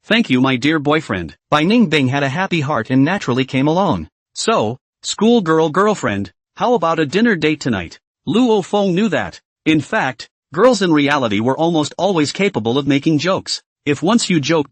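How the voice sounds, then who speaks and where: A man reading a comic story recap, his voice sitting a little high and swinging up and down with lively intonation. He keeps the same narrating voice for every character. The recording is close and dry, with no room sound. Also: normal speed, hardly any pauses, dry recording. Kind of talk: scripted narration.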